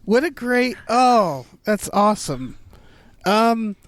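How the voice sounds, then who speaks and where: A man's voice: sits high, sing-song, slow, no room sound. A man co-hosting a podcast in loose casual chat, rambling with lots of fillers and swearing freely. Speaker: podcast co-host.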